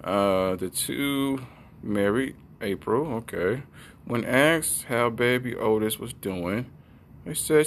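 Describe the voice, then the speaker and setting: A man's voice: fairly low pitch, expressive, slow, fairly bright tone, slight background noise. A man hosting a show, riffing on news stories in a loose, joking, slangy way and spinning silly tall tales. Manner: loose, joking, rambling storyteller with slangy speech. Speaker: podcast host reacting to news. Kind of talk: comedic news commentary.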